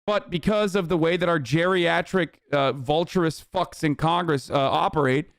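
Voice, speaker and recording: A young man on a live stream rants at a news clip, his slightly high voice moving at a normal pace with exasperated, profane commentary and plenty of filler words. The recording is clean and studio quality, with no echo.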